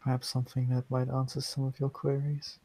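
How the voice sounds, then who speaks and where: Gravelly-voiced man running a tabletop game. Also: mid-range voice, completely flat delivery, dark tone, no echo. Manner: halting, many filler sounds. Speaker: game master.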